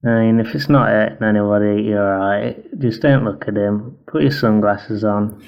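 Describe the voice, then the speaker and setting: A man co-hosts a casual podcast with a dry, offhand wit. His voice sits somewhat low. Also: fairly even intonation, normal speed, gravelly, clean tone, muffled recording. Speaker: podcast co-host. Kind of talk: casual chat.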